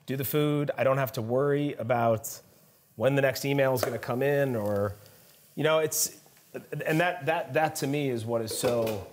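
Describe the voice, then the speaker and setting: A man's voice: mid-range voice, moderate pace, slight background noise. A man, a chef, chatting casually while cooking in a demo kitchen, telling stories with frequent laughs and restarts.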